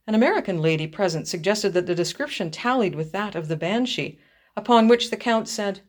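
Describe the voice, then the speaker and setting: A woman reading a ghost story aloud in a measured, expressive storytelling manner. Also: medium pitch. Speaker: reader.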